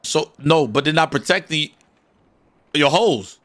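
A man's voice: on the high side, lively intonation, a little slow, fairly bright tone. A man playing a young man who teases his friend bluntly with pushy questions in casual role-play chat. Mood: teasing. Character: young man, mocking but loyal friend. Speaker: game character.

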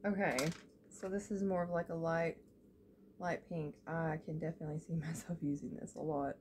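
A young woman, chatting excitedly as she unboxes beauty products, full of "like" and "y'all". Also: sits low, moderate pace, slight background noise. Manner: gushing and excitable, lots of "like" and "y'all". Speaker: beauty vlogger. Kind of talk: casual unboxing chat.

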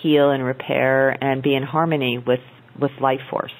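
A woman with a low voice, well below most women, explaining at length as an interview guest. She talks earnestly, stopping to restart phrases and filling pauses as she works through each point. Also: steady tone, rough recording. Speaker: guest, naturopathic doctor.

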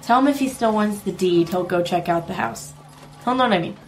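A woman's voice: medium pitch, fairly quick, faint music behind. A woman playing a tabletop game, chatty and full of fillers as she asks questions. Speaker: player.

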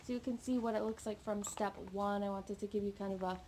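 A woman's voice: medium pitch, steady tone, fast, dark tone. A woman dog trainer explaining a live training session to viewers while working with her puppy off camera, coaching in an upbeat way. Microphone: camera mic, off camera. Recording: noticeable background noise with training clicks.

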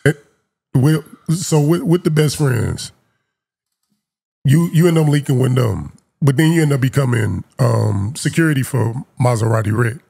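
A male interviewer with a gravelly, husky voice asks short questions to steer the guest's story. His delivery is casual and conversational. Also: mid-range voice, lively intonation, normal speed, dark tone.

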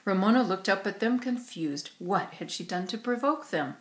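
A woman's voice: mid-range voice, moderate pace. Woman reading a children's story aloud. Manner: expressive storytelling. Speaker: narrator. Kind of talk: audiobook reading. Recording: roomy echo.

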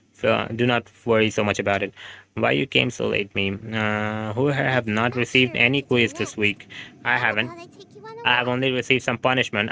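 A man's voice: mid-range voice, pushed and bright, dry recording. A man from India, chatting casually on a game livestream and answering viewer comments in a rambling, reassuring way.

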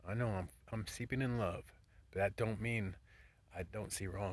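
A man vlogging a casual, profane monologue, swinging between loud rants and hushed whispers. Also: fairly low pitch, normal speed, husky.

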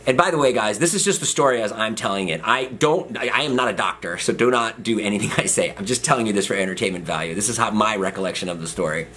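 A man's voice: on the low side, quick pace, few pauses, sharp tone, slightly rough. A man in his thirties, a vlogger, telling a personal story in a rambling, self-deprecating way, full of fillers and restarts. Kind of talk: casual storytelling.

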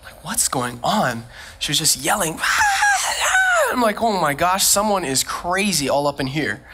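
A man preaching a sermon as a pastor, who tells lively personal stories and laughs often. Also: a little high, normal speed, shouting, noisy background. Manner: animated storytelling, frequent laughs.

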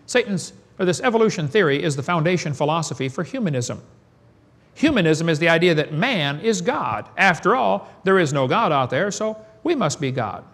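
A man's voice: a little high, fairly bright tone. A man giving a preaching lecture to an audience in a folksy, emphatic way, firing off rhetorical questions and chuckling. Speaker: creationist seminar speaker.

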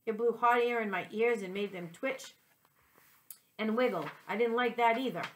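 A woman, a second-grade teacher, reading a children's chapter book aloud in a gentle, clear way, with small slips she corrects. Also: fairly high pitch, moderate pace, a little hiss or hum.

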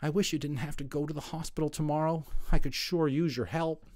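A man's voice: fairly high pitch, a little fast, no echo, clean studio sound, pitched above the performer's own voice, close to an everyday voice. A man voicing a determined, clever young girl rabbit in a storybook. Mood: reassuring. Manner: calm, confident.

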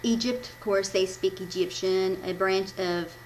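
A woman's voice: medium pitch, steady tone, a little slow, a little mellow, a little hiss or hum, low-quality recording. A woman from the American Midwest giving a casual church devotion, reading from her notes, often stumbling and correcting herself with a laugh. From Midwestern United States. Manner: rambling, self-correcting, laughs at her own slips. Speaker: devotional speaker.

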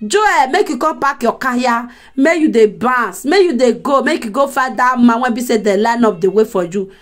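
A woman's voice: a little high, lively intonation, normal speed. Chatty Nigerian woman gossiping to viewers. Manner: chatty, laughs often, addresses viewers directly. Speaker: gossip commentator. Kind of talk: casual gossip commentary.

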